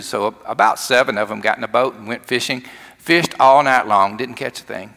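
Male pastor, gravelly, folksy sermon storyteller, church reverb. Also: mid-range voice, fairly quick. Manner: folksy storytelling, shifts from loud to hushed.

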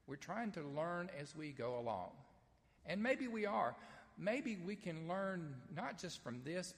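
A man preaching a sermon to a nearly empty church, speaking in a conversational, earnest way with hesitant restarts. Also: a little high. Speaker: pastor. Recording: long church reverb.

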